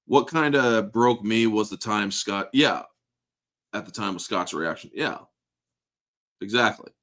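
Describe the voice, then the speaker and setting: Fairly low-pitched and unhurried, with a fairly bright tone, this man in his thirties hosts a podcast and casually discusses a movie. He's emotional and profane and laughs frequently in this laid-back review chat.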